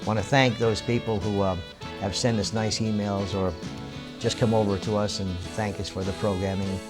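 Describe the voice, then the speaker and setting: A man's voice: on the low side, flat delivery, moderate pace, over music. An older man hosting a local TV show, chatting casually and then reading book passages aloud with rising emphasis.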